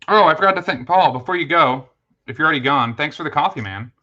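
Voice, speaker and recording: A man's voice: a little high, lively intonation, fast talker, bright, forceful tone, muffled recording. Chatty man hosting a livestream. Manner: chatty, thanks viewers, many fillers and restarts. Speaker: livestream host. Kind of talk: casual livestream chat.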